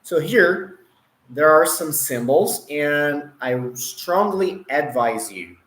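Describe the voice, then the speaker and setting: Slow Brazilian teacher in a roomy room. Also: male voice, mid-range voice, fairly bright tone. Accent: Brazilian Portuguese. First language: Portuguese. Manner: slow, explanatory, checks in with viewers, demonstrates sounds. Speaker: English pronunciation teacher. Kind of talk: online pronunciation lesson.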